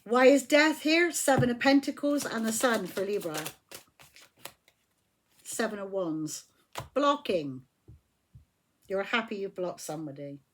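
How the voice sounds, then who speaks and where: A fairly high-voiced woman reads tarot cards in a casual way. She talks bluntly and with heavy emphasis, and she swears when she gets riled. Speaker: tarot reader.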